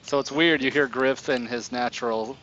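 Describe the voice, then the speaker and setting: A man's voice: mid-range voice, moderate pace. Man running a tabletop game. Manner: relaxed, chuckling, filler-heavy narration. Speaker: game master. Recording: dull lo-fi stream audio, faint hiss.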